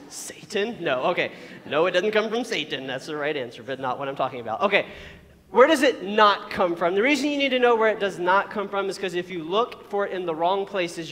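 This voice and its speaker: Brief: male pastor with a high voice, preaching casually and playfully in a church hall with long reverb. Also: a bit bright. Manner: casual, joking preaching with asides. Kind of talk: sermon.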